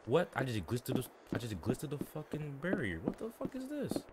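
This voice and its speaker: A man giving loud, profane, joking reactions as he plays a video game. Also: medium pitch, huge pitch swings, brisk, very noisy. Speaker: gaming streamer. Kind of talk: let's play commentary.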